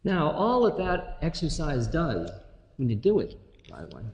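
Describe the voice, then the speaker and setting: A man giving an informal spiritual talk to an audience, telling stories with humor and slow, drawn-out phrases. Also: a little high, huge pitch swings, muffled recording. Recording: reverberant hall, faint noise.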